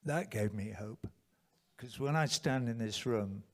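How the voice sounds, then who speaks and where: A man's voice: mid-range voice, slow pace. Older English man telling a story to a hall. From England. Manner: conversational, rambling, with restarts and asides. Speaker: conference speaker. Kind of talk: storytelling speech. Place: conference hall.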